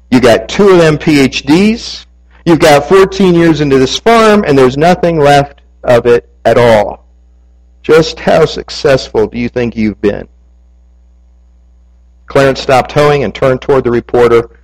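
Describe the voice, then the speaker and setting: A man, a pastor, preaching a sermon, telling a story and ending in soft, earnest prayer. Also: fairly high pitch, rough recording.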